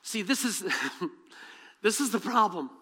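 A man preaching a sermon as pastor, animated, mixing scripture reading with humorous asides. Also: high-pitched, takes it slowly, husky, in a large hall. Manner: reads scripture aloud and acts out the dialogue.

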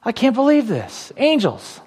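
A man's voice: very high-pitched, wildly swooping pitch, measured pace, a little mellow, slightly rough, pitched above the performer's own voice, heavily acted. A man putting on a flustered, startled older man.

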